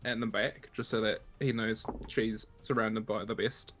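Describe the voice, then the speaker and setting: A man playing a tabletop game, in a relaxed, jokey way, narrating what his character does. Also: fairly low pitch, moderate pace, a little hiss or hum. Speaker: player. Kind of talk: casual tabletop game chat.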